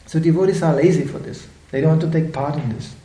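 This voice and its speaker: Animated older man lecturing in an echoey room. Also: on the high side, fast. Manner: animated storytelling, acting out voices in quotes. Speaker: spiritual teacher.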